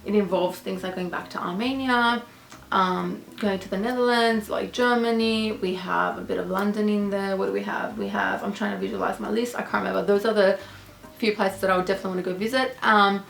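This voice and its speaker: A woman's voice: mid-range voice, steady tone, a little fast, gravelly, slight background noise. A young Australian woman vlogging casually, answering viewer questions in a gushing, chatty, affectionate way. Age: young adult. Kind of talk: casual Q&A vlog. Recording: echoey room with faint music.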